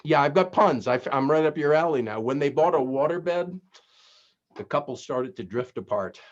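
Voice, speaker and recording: A man's voice: a little high, animated, moderate pace. A man hosting a casual chat, telling puns and stories and laughing at his own jokes. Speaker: host. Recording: dull lo-fi sound.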